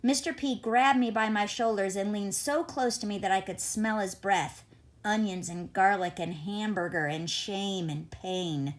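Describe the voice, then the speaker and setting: A woman's voice: medium pitch, measured pace. A woman reading a first-person novel aloud as an audiobook, in a conversational, wry and reflective manner. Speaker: audiobook reader.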